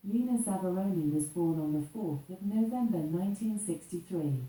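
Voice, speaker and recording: A woman's synthetic voice-assistant voice reading facts in an even, informational way. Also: fairly low pitch, moderate pace, distant mic. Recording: smart speaker heard from across an echoey room.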